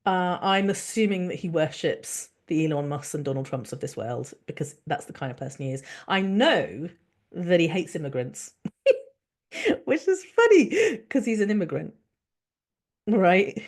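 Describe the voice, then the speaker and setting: A woman hosts her own podcast in an outraged solo rant. Her voice sits fairly low, but her pitch leaps all over the place as she swears and piles on the sarcasm. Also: big pitch swings, measured pace. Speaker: podcast host.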